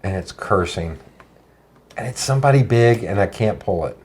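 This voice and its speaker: A man's voice: lowish voice, expressive, normal speed, a little mellow, slightly rough. A man co-hosting a podcast, chatting casually in a rambling, laid-back way. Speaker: podcast co-host. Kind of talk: casual chat.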